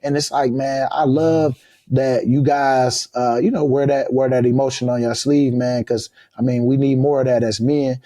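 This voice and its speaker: A man in his thirties chatting casually as a podcast guest, loose and drawling, breaking into high loud laughs. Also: little pitch movement, moderate pace, no echo, studio quality. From United States. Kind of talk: casual chat.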